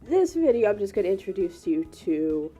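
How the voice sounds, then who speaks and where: A woman's voice: medium pitch, very animated, normal speed, mellow, breathy edge, faint music behind. A woman with a cold, sounding congested and sniffly, hosting casual gameplay commentary in an apologetic, rambling way with many fillers. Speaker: gaming channel host.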